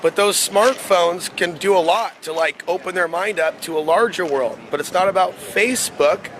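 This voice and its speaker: Male vlogger in his thirties, slightly high voice, rambling casually to a handheld camera over street noise. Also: normal speed, fairly bright tone, poor audio. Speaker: vlogger filming a walking tour. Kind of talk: casual walking-tour vlog. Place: outdoors on city streets. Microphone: handheld camera mic. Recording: outdoor city noise. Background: street traffic noise.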